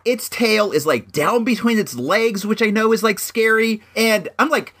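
A man's voice: high voice, animated, moderate pace, few pauses, fairly bright tone. A young man telling a story in a casual, rambling monologue, often restarting his sentences. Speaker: vlogger.

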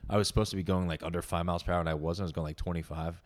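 A man's voice: deep voice, fairly even intonation, racing, very noisy. A young man co-hosting a podcast, telling loose, profane stories and laughing often in casual chat. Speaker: podcast co-host.

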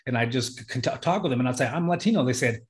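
A man from Alaska shares a personal story with a storyteller's energy. His voice sits at a middle pitch, and he acts out each line of dialogue as he recounts it. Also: fast. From Alaska, USA. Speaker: guest, former teacher.

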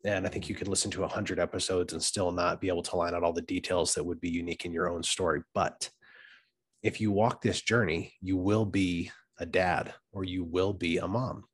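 Deep husky-voiced male podcast host. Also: steady tone, a little fast. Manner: affirming, frequent short agreements. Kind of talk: conversational interview.

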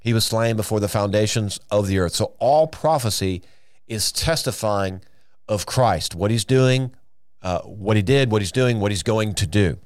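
A man with a somewhat low voice leads a Bible teaching on his podcast. He sounds earnest and emphatic, with plenty of fillers and self-corrections as he thinks aloud. The sound is dry and close, with no echo around him. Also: moderate pace.

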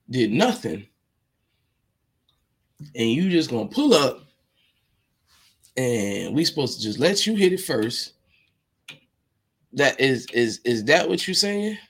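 A man voicing an indignant young cousin who presses a pointed question loudly. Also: medium pitch, breathy edge, full character voice.

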